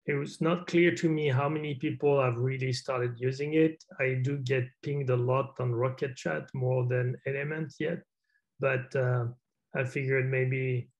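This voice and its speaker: A man's voice: mid-range voice, darkish tone, dull audio. A man chairing a video-call meeting in an easygoing, chatty way, with hesitant fillers. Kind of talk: casual meeting talk.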